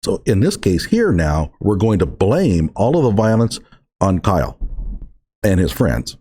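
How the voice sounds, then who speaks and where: A man's voice: sits low, big pitch swings, a little slow, dark tone, breathy edge. A man giving emphatic, sarcastic reaction commentary on an article he is reading through.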